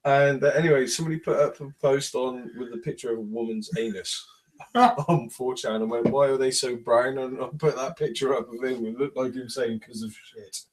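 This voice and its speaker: A man's voice: mid-range voice, a little fast, low-quality recording. A man in casual chat with friends, rambling and swearing freely. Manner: crude, rambling, swears a lot.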